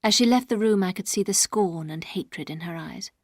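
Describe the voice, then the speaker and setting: A woman narrating a classic novel aloud in a calm, steady storytelling voice. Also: medium pitch, moderate pace, no room sound, clean studio sound. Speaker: audiobook narrator.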